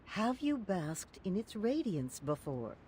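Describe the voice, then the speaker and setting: A woman's voice: medium pitch, sing-song, takes it slowly, darkish tone, slight background noise. An actress voicing a philosophical woman in a game, questioning truth and fixed rules. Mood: musing. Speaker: game character. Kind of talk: game voice acting.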